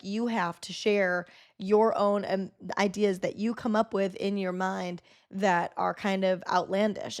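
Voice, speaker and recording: A young woman hosting a podcast, telling a story in loose, chatty talk full of fillers and swearing. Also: medium pitch. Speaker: podcast host. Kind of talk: casual storytelling monologue.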